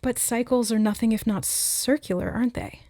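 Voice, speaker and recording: A woman giving a spontaneous spiritual reading, musing aloud with hesitant pauses as she relays what she senses. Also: on the high side, dark tone, no echo, clean studio sound. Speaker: intuitive oracle reader.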